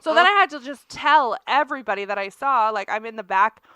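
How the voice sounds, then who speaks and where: Pitched fairly high and talking a little fast, this podcast co-host spins a story in relaxed conversation with plenty of laughter. There's no room sound, and her delivery stays animated throughout.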